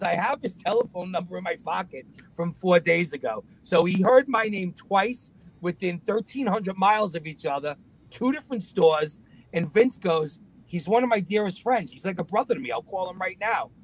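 Animated New man telling stories. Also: sits high, normal speed, poor audio. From Long Island, New York. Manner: animated, acts out other people's voices in his anecdotes. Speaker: guest. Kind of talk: casual storytelling.

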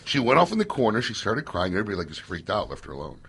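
Deep husky man hosting radio chat. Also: racing. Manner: animated storyteller, loose and joking. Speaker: radio show host. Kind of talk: casual radio talk show chat. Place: radio studio.

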